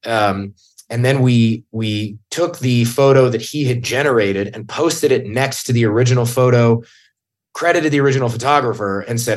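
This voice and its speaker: A man's voice: medium pitch, measured pace. Blunt, swearing man on a podcast. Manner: blunt, swears, heated when quoting himself. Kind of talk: casual chat.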